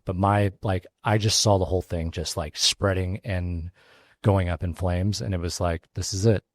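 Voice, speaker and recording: A man who runs a barbecue restaurant, telling a story as an interview guest, casual and halting with lots of fillers and restarts. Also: sits low, fairly even intonation, no echo. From Texas. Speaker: pitmaster and restaurant owner, guest.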